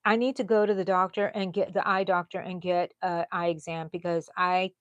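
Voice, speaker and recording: A woman of sixty with a Texan accent, hosting a live crochet stream in a casual, chatty way and dropping to low mutters and whispers as she counts stitches. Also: flat delivery, moderate pace, no echo, lo-fi sound. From Texas. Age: 60s.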